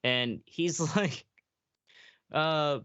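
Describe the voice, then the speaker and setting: A man's voice: on the high side, drawn-out words, pushed and bright, smooth, no room sound. A man co-hosting a podcast, telling a story in casual chat, rambling with lots of fillers and swearing. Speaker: podcast co-host.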